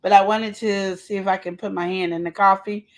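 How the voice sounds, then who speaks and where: A woman's voice: medium pitch, fairly even intonation, a little fast. A woman hosting a casual live show, chatting and teasing as she talks straight to her viewers. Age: adult with a child. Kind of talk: casual live-stream chat.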